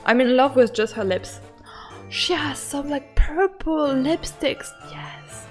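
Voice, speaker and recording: A young woman commenting excitedly while playing a game, gushing and laughing often. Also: high voice, slow pace, faint music behind. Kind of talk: excitable let's-play commentary.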